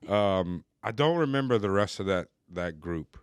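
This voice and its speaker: A man's voice: low-pitched, animated, moderate pace, hardly any pauses, smooth, no echo, clean studio sound. A man hosting a recovery podcast, telling his own story in a candid, loose and chatty way. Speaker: podcast host. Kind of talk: casual recovery podcast conversation.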